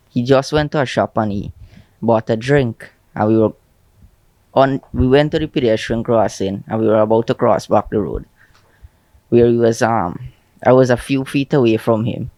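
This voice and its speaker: A young man with a Guyanese accent, giving a shaken, halting eyewitness account in a news interview. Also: mid-range voice, a little mellow, no room sound. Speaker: eyewitness friend.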